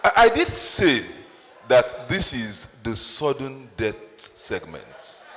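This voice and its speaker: Brief: man, town hall moderator, lively animated pitch, polite but firm, reverberant hall. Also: slow. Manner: firm, repeatedly apologetic while enforcing rules.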